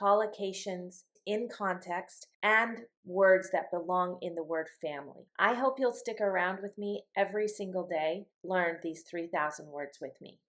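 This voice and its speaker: A woman teaching an English vocabulary lesson, speaking slowly and deliberately and modeling question intonation aloud. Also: lowish voice, a bit bright, low-quality recording.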